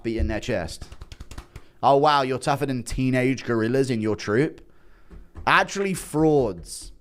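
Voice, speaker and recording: Young guy streaming, loud then mumbly, super animated voice. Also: mid-range voice. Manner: excitable, swings between loud bursts and mumbles. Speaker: livestream host. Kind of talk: casual livestream commentary.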